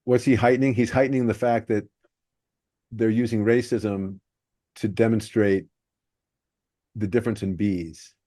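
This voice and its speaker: A man's voice: fairly low pitch, fairly even intonation, unhurried, pauses often, warm tone, no echo, studio quality. A man hosting a podcast, breaking down how jokes are built. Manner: analytical, explaining joke structure. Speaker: podcast host. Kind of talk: podcast discussion.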